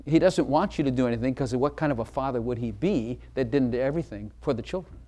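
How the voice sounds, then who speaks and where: A man's voice: mid-range voice, fast talker, mellow. A man preaching a sermon in a church, emphatic and asking the congregation direct questions. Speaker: pastor.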